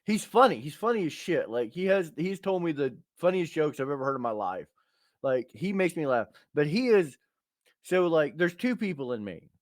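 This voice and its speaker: A man's voice: fairly high pitch, very animated, moderate pace, no room sound, clean studio sound. A man in his thirties hosting a podcast, telling crude, punchy stories in casual chat. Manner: crude, storytelling with punchy asides. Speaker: podcast host.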